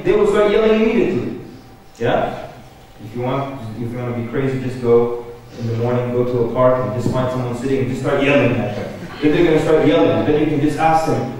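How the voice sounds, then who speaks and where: A man's voice: a little high, a little mellow, slight background noise. A man giving a humorous religious lecture at a conference, talking conversationally and addressing the audience directly. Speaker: conference speaker. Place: large conference hall. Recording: echoey hall, picked up from far off.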